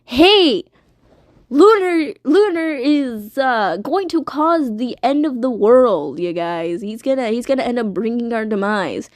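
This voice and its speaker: A woman's voice: a little high, expressive, measured pace, dry recording, clean studio sound. A woman voicing a panicked male character frantically warning of the end of the world. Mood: frantic.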